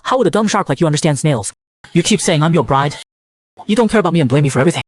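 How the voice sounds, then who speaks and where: A man's voice: on the high side, lively intonation, rapid-fire. A man voicing a small, frightened young male sea snail who complains indignantly. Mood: angry. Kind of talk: comic recap narration.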